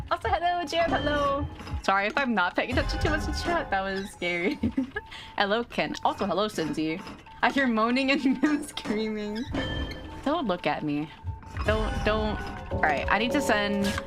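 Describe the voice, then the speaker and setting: A woman streaming a game live, chatting casually in a chatty, giggly and jumpy way. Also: mid-range voice. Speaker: VTuber streamer.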